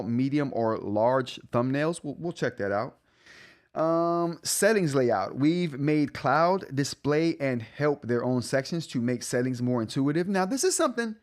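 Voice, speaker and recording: Rambling middle-aged man hosting a live stream. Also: on the high side. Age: 40s. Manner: rambling, self-correcting, laughs often. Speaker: tech show host. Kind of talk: casual live stream chat.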